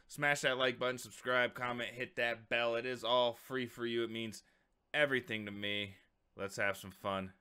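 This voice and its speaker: American male reaction host: bright, smooth voice, casual filler-heavy chat. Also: mid-range voice. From United States. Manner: relaxed, conversational, lots of fillers and repeated words.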